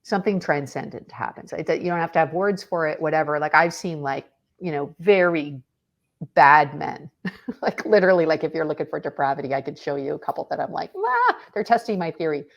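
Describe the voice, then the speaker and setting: A middle-aged woman talking as a podcast guest, telling stories in an animated way and acting out the quotes. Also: deep voice, a little fast, vocal fry, dull audio. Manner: animated storyteller who acts out quotes. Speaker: podcast guest, author and speaker. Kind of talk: casual faith conversation.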